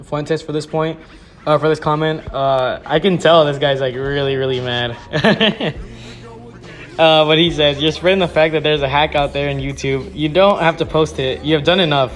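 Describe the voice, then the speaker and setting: A man giving an exasperated ranting commentary on viewer comments, swearing often and restarting his sentences. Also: on the high side. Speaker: YouTube commentator.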